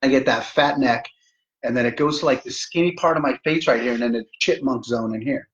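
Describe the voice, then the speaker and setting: A man's voice: mid-range voice, fairly quick, a bit bright. Self-mocking man on a dull lo-fi live stream. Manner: joking, self-mocking, talks straight to viewers. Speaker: livestream host. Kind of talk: casual live chat.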